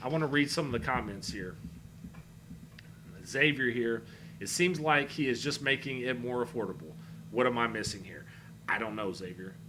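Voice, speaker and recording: A man's voice: mid-range voice, moderate pace, pauses often, background noise. A man reading online comments aloud and answering them in a blunt, sarcastic way, swearing freely. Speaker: political commentary vlogger.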